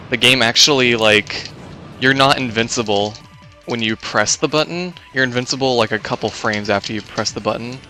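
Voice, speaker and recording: A man's voice: mid-range voice, bright, forceful tone. A man giving casual live commentary on his own speedrun, explaining game mechanics with many fillers and restarts.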